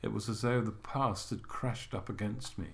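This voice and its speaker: An older man co-hosting a podcast, reminiscing in a relaxed, halting way with gentle humour. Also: fairly low pitch, creaky, over a noisy crowd. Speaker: podcast co-host. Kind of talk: reflective casual chat.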